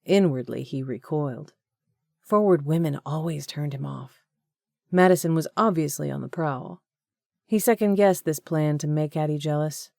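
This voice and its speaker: Low, mellow woman narrator. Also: normal speed, vocal fry, no room sound, studio quality. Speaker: audiobook narrator. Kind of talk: scripted audiobook narration.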